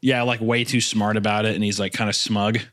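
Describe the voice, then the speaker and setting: A man's voice: lowish voice, flat delivery, a little fast, fairly bright tone. A man co-hosting a casual comedy chat over a video call, rambling with many restarts and swearing.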